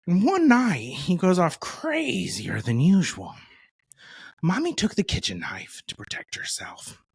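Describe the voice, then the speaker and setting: A man putting on an impression of a menacing, unhinged male clown villain, telling a dark story slowly and with drawn-out words. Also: high-pitched, huge pitch swings, vocal fry, breathy edge, no echo, pitched above the performer's own voice, exaggerated voice. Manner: slow, drawn-out, sinister storytelling.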